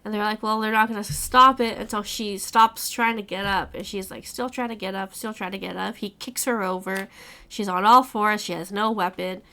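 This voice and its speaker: A woman hosting a casual book club chat, recapping the plot in animated retellings full of quoted lines and swearing. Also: medium pitch, moderate pace.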